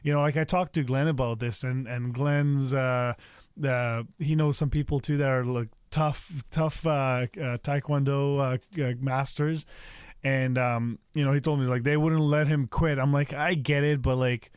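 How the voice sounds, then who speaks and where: A middle-aged man hosting a podcast, talking in a relaxed, somewhat hesitant way and filling pauses with "uh" and "like". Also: mid-range voice, clean tone, no room sound, studio quality. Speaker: podcast host. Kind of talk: casual podcast conversation.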